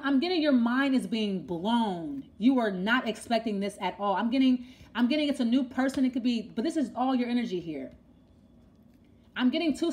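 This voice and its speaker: A young woman with a high voice gives a tarot reading, talking to her listener directly. She rambles and thinks aloud, often repeating phrases as she asks the cards what they mean. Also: a little mellow. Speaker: tarot reader.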